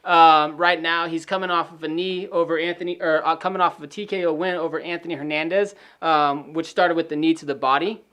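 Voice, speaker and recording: A man co-hosting a casual podcast, running through fighter stats in a steady listing manner. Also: on the high side, a little fast, hardly any pauses, smooth. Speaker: podcast co-host. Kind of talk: casual sports prediction chat.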